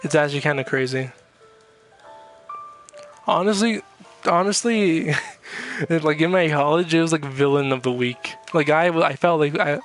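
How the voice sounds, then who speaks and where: A young man vlogging in a casual, rambling way, swearing often and laughing at himself as he reads chat. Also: fairly high pitch. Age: young adult. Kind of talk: casual chat reacting to chat messages.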